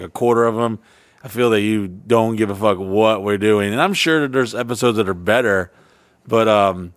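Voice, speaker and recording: A man co-hosting a podcast in casual, profane banter, rambling with restarts and sudden loud impressions. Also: on the low side, dry recording. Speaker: podcast co-host.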